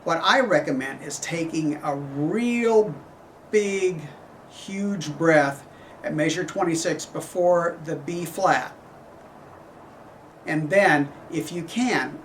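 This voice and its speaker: Man, horn professor, slow deliberate delivery, fairly high voice, heard from a distance, faint room ambience. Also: slight background noise. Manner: measured, explanatory, sings phrases on syllables. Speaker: horn professor giving a clinic. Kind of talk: instructional clinic talk.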